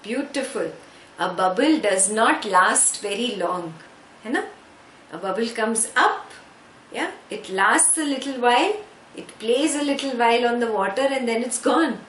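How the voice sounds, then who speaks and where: A woman's voice: a little high, lively intonation, fairly bright tone. A woman teaching a scripture class, patiently explaining Sanskrit words and checking in with listeners. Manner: slow, patient, checks understanding with frequent "yeah?". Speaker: spiritual teacher. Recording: echoey room, faint background noise.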